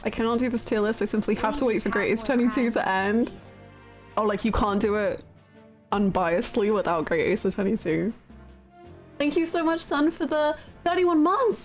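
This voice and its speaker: Brief: woman live-streamer, chatty and giggly, thanking viewers, slightly high voice, faint music behind. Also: a little mellow. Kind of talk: casual live-stream chat.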